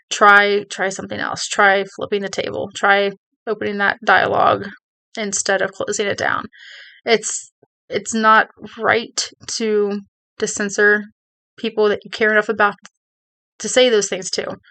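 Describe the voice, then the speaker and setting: A woman's voice: medium pitch, creaky, pushed and bright. A woman talking to her viewers, giving earnest advice in a rambling way, with many restarts and "you know"s. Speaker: video creator. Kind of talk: casual advice talk to camera.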